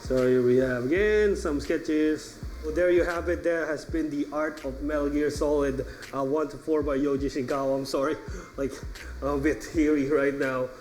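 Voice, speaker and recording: A man hosting his own channel, reviewing an artbook in a casual, halting ramble full of restarts, an earnest fan. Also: fairly high pitch, fairly even intonation, a little mellow, slight background noise, poor audio. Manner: earnest fan, laughs now and then. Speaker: channel host. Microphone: top-down camera setup.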